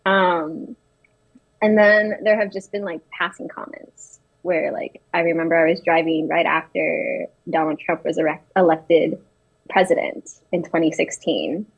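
A woman's voice: lowish voice, steady tone, unhurried, gravelly, breathy edge, highs cut off. A young woman in her twenties, telling personal stories in casual talk, hesitant with many restarts and fillers. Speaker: interviewee.

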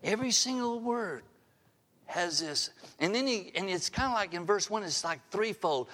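A man's voice: high voice, animated, normal speed, sharp tone. An older man preaching a sermon as pastor, earnest and full of direct rhetorical questions to his listeners. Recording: long reverb of a large hall.

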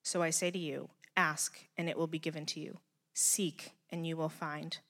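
A woman's voice: low voice, flat delivery, fairly bright tone. Woman reading scripture in a big hall. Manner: measured, deliberate reading.

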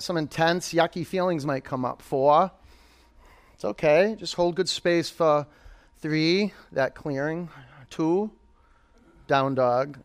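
A man's voice: fairly high pitch, clear, resonant tone. Man leading a yoga class, counting down. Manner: counts down poses, coaching and encouraging students by name. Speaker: yoga teacher. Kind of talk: instructing a live yoga class.

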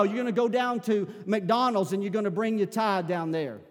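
A man preaching a sermon as pastor in a church, building to shouted fervor. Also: sits high, a little fast. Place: church sanctuary. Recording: long hall reverb.

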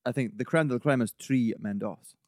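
A man co-hosting a casual film chat, lively and teasing, who brings trivia to the group. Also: mid-range voice, a little fast, dry recording, clean studio sound. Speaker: podcast co-host.

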